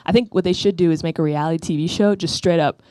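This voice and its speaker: She's a Bronx-born stand-up in her thirties, rambling and ribbing herself onstage at a comedy club and asking "right?" a lot. The voice is low and dark, the delivery quick, the recording dry.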